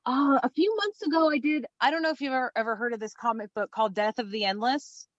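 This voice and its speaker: A woman guest in casual podcast chat, bubbly and excitable, with frequent fillers. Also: a little high, fast talker, no room sound. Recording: dull, dry lo-fi sound.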